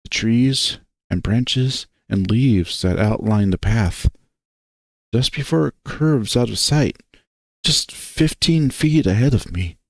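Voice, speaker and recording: A man reading a visual novel aloud in first-person narration, unhurried and expressive. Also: mid-range voice, no room sound.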